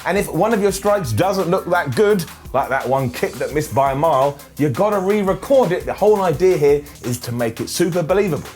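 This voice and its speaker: A man delivers an energetic, jokey review with plenty of sarcasm. His voice sits high and swings widely in pitch. Faint music plays underneath. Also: fairly quick, few pauses. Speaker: wrestling show reviewer and host. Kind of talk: energetic video review commentary.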